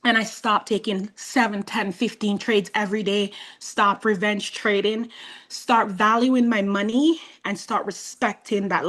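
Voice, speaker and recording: A woman's voice: medium pitch, fairly even intonation, unhurried, fairly bright tone. Eager woman student giving testimonial. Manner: eager and effusive. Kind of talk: casual testimonial.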